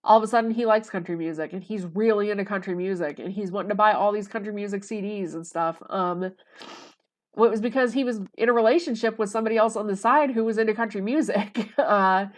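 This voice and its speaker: A woman's voice: mid-range voice, fast. A woman talking casually to the camera in a rambling, conversational way, full of fillers. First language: English. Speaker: vlogger.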